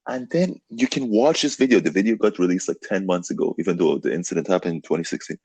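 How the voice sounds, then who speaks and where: Young male podcast host, low husky voice, animated and loose, leans on "dude" and "like". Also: quick pace, dry recording. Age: young adult. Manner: animated storytelling, heavy on "like" and "dude". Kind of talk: casual chat.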